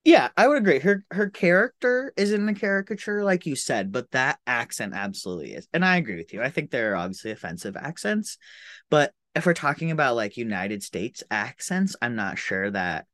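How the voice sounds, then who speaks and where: A woman from the Pacific Northwest co-hosting a podcast in casual chat, animated and laughing often. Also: a bass voice, fairly quick, dry recording. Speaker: podcast co-host.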